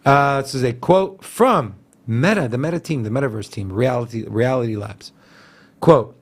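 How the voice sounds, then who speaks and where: A man co-hosting a casual crypto news show, talking in an animated, slangy way full of "like" and "bro". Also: mid-range voice, normal speed. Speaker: co-host.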